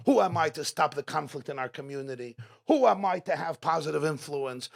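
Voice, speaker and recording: A man's voice: on the high side, lively intonation, brisk, creaky, hardly any pauses. A man giving an inspirational talk at a community gathering, rhetorical and repeating his questions for emphasis. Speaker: speaker at a religious gathering. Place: community event hall.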